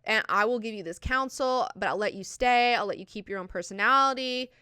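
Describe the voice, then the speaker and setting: A woman's voice: on the high side, a little fast, bright, forceful tone, clear, resonant tone, no echo, clean studio sound, pitched above the performer's own voice. A woman voicing an old male villain, a scheming ghost grandfather who bargains in a wheedling tone.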